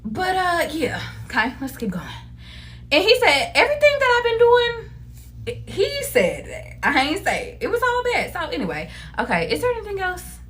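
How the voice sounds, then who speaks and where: A woman giving a casual tarot reading to her viewers, animated, laughing often and cursing freely. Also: high-pitched, normal speed. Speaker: tarot reader.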